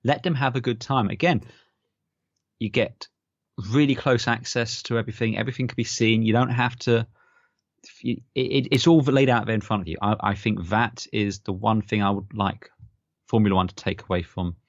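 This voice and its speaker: A man's voice: on the low side, steady tone, normal speed, dry recording. A man co-hosting a casual podcast chat, rambling with stammered restarts. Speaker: podcast co-host. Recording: dull lo-fi podcast mic.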